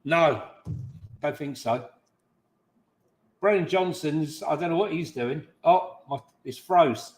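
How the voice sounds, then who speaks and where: Loud, heckling football fan. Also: male voice, fairly high pitch, takes it slowly, long pauses. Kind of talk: football watch-along chat.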